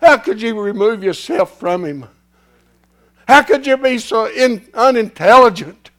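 A man preaching a sermon in a folksy, repetitive way, swinging from hushed whispers to shouts as his voice gives out. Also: high voice, animated, a little slow. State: losing his voice.

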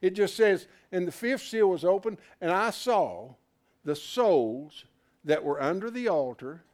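A man teaches scripture to a small class in a loose, interactive sermon. His voice sits high and rides wide swings in pitch as he jokes, quizzes his listeners and builds his points in a folksy way. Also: unhurried. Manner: animated, folksy, questions the class. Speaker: Bible study teacher.

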